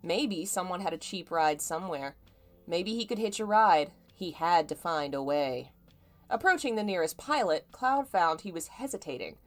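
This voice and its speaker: Woman reading a story live, amused, with an animated, expressive pitch; she interrupts herself with comments. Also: normal speed, faint music behind. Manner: amused, laughs and breaks off to comment. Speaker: fanfiction reader.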